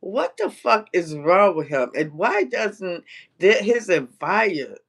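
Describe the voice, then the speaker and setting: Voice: medium pitch, very animated, slow pace, fairly bright tone. A cooking vlogger chatting casually on a livestream, ranting and cursing freely and laughing often.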